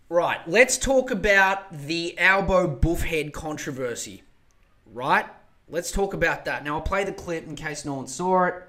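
A man hosts a podcast in a loose, sweary rant, mocking politicians as he goes. His voice sits high and sounds bright and sharp. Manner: animated, profane, mocking. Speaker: podcast host. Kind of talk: casual ranting commentary.

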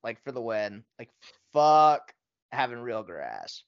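A man's voice: medium pitch, wildly swooping pitch, slow pace, gravelly, smooth, lo-fi sound. A man co-hosting a casual podcast chat, laughing often and swearing a lot. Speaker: podcast co-host.

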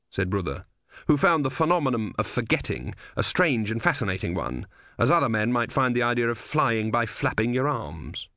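A man narrating a comic fantasy novel in a wry, expressive storytelling manner. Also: mid-range voice, moderate pace, dry recording, clean studio sound. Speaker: audiobook narrator.

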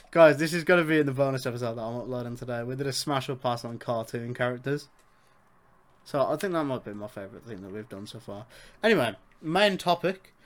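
Fast-talking Birmingham podcast host. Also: male voice, mid-range voice. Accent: Birmingham English. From Birmingham, England. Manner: fast-talking, sweary and laughing. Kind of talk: casual chat.

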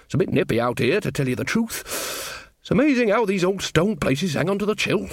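A man's voice: high voice, big pitch swings, brisk, no room sound, clean studio sound, voice pushed up, exaggerated voice. A man voicing a cheerful, earthy old witch woman who coaxes and gossips in a broad, chatty way. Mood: coaxing.

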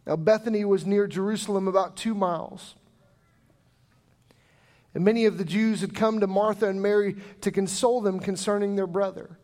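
Male pastor, high voice, animated sermon storyteller who acts out quoted voices. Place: church sanctuary.

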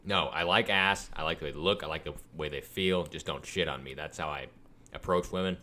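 A man co-hosting a podcast in crude, casual banter, recorded in one big echoey room. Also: fairly quick. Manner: crude, jumps into loud high silly voices. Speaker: podcast co-host.

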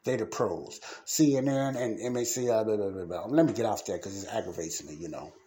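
A man hosting his own podcast, talking in a fervent, repetitive way that moves between heated ranting and quiet, earnest preaching. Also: on the low side, brisk. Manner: fervent, repetitive, shifts from ranting to soft pleading. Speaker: podcast host. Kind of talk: casual preaching monologue.

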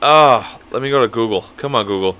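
A man's voice: medium pitch, fairly quick, sharp tone, smooth. A young man co-hosting a podcast in casual chat, rambling and profane with lots of fillers. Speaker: podcast co-host.

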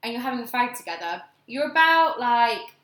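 A young woman with a bright, fairly high voice tells a story in a relaxed chat, laughing often as she goes. The sound is roomy and echoey. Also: moderate pace. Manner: animated, laughs often while telling the story. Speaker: podcast co-host. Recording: echoey room.

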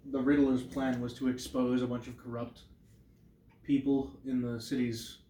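A man's voice: medium pitch, little pitch movement, normal speed, warm tone, distant mic. A man with a middling voice chats wryly about a film and keeps steering the talk. He sounds off-mic in an echoey room. A faint hiss sits underneath. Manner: wry, steers the conversation. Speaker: podcast co-host. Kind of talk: casual movie review chat.

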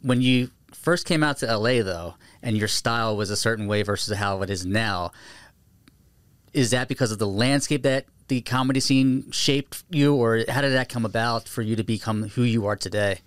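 A man hosting a podcast, asking questions in a relaxed, casual way and agreeing quickly. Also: mid-range voice, clean tone, dry recording. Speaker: podcast host. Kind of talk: casual interview chat.

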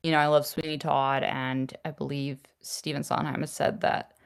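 A woman's voice: low voice, level tone, normal speed, vocal fry, clean tone. A woman co-hosting a podcast in casual chat, laughing often and poking fun at herself. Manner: laughs often, chatty and self-deprecating. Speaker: podcast co-host.

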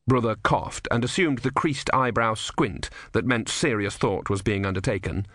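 A man narrating a comic novel as an audiobook, with wry, expressive storytelling. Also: fairly low pitch, normal speed, few pauses, no room sound, studio quality. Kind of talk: scripted narration.

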